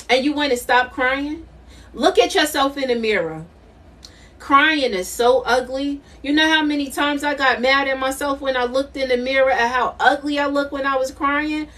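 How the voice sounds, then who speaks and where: A woman's voice: sits high, a bit bright, recorded from a distance. A middle-aged woman doing a live tarot reading, emphatic and repetitive, laughing often. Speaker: intuitive tarot reader.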